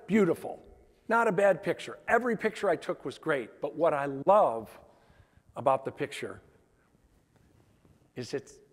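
A man on stage at a conference, telling heartfelt stories in an emphatic storytelling style and acting out the quoted dialogue. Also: fairly high pitch. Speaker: conference speaker. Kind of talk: storytelling keynote talk. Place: large conference hall. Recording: long hall reverb.

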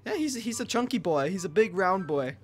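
A man hosting a casual gameplay video, talking excitably in a rambling way and often yelping and laughing into a headset mic. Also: high-pitched, a little fast. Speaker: gaming channel host.

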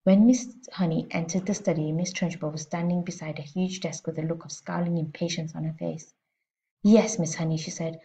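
Gravelly-voiced woman reading a storybook aloud. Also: low-pitched, brisk, hardly any pauses. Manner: expressive, steady reading. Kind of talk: storybook read-aloud narration. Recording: slightly muffled lo-fi recording.

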